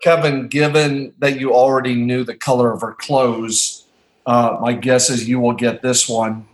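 A man's voice: medium pitch, level tone, a little slow, reverberant. A man hosting a casual couples quiz game, playful and laughing often as he asks questions. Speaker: host.

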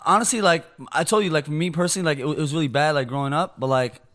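Rapid-fire joking male guest. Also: fairly high pitch, fairly bright tone. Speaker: podcast guest. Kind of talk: casual chat.

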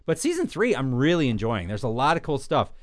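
A man's voice: medium pitch, wildly swooping pitch, fairly quick, no echo. A man co-hosting a podcast, chatting casually and ranting in an opinionated way. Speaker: podcast co-host. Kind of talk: casual chat.

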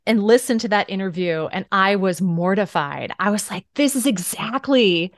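A woman speaking as a guest voice coach in a podcast interview, explaining ideas in a lively coaching tone and laughing often. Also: mid-range voice, moderate pace, few pauses, no echo, clean studio sound.

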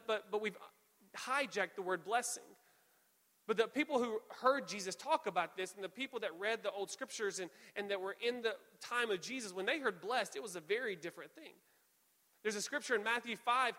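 A young male pastor with a high, bright voice that carries through a church hall with a long reverb tail. He preaches conversationally, an animated, self-deprecating storyteller. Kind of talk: sermon with personal storytelling. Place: church auditorium.

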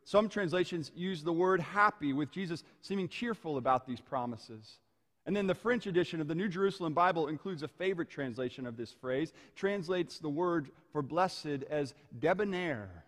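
A man preaching a sermon, telling stories in a measured way and slowing down on key phrases. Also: fairly high pitch, lively intonation, fairly bright tone. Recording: long hall reverb.

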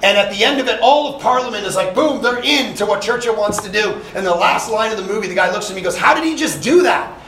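A man's voice: high-pitched, fast talker, few pauses, roomy sound, a little hiss or hum, poor audio. A man preaching a sermon, reading scripture aloud and driving his points home with rising force, breaking into casual asides to his listeners. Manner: animated preaching, punching lines with rising volume; conversational asides to young listeners. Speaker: pastor. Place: summer camp session.

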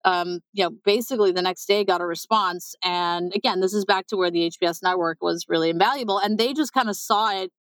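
A woman startup founder being interviewed, talking quickly with lots of fillers and acted-out quotes. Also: lowish voice, no room sound, low-quality recording. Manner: fast, animated, many fillers and quoted asides. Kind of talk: conversational interview.

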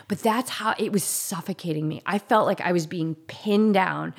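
A woman's voice: lowish voice, normal speed, vocal fry, hardly any pauses. A woman telling a personal story in a candid, conversational way. She is earnest and emotional, with frequent fillers and restarts.

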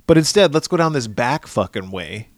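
Man, podcast co-host, lively swooping pitch, very dry close sound, profane, playful. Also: moderate pace, no room sound. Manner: animated, profane, acts out characters in exaggerated voices. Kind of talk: casual movie discussion.

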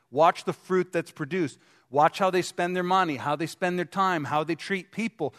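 Male pastor, chatty sermon delivery with questions to the room, a touch high-pitched, reverberant gym. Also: fairly bright tone. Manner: conversational, asks the congregation questions. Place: gym used as a church hall. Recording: long hall reverb.

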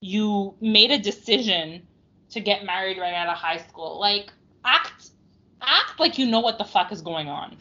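A woman's voice: medium pitch, lively intonation, unhurried, bright, forceful tone, muffled recording. A woman co-hosting a podcast in casual chat, blunt and exasperated, swearing freely. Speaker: podcast co-host.

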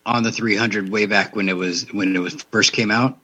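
Bright, husky-voiced man retelling movie scenes. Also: lowish voice, fairly even intonation, moderate pace. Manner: retells scenes, acting out quotes. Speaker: podcast co-host. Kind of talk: casual movie review chat.

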